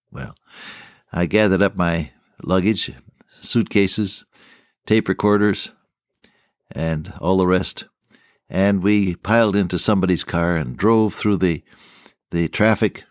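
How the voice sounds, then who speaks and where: Older preacher with a low, dry voice. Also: male voice, fairly even intonation, unhurried, long pauses, no room sound. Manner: storytelling, folksy and earnest. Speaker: radio preacher. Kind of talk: radio sermon.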